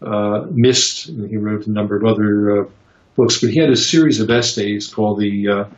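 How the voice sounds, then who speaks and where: Low-voiced man answering interview questions. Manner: halting, many fillers and restarts; reflective storytelling. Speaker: interviewed psychotherapist. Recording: roomy, dull lo-fi sound.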